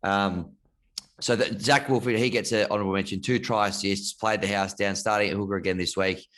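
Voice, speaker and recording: An Australian man talks in an easygoing, chatty way on a casual podcast. His voice sits fairly low, and he laughs readily along with his co-host. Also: steady tone, fairly quick, fairly bright tone. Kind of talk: casual chat.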